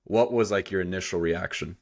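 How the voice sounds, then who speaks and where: Deep-voiced podcast host. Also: male voice, a little mellow. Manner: measured, conversational, reads quotes aloud. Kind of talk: interviewing.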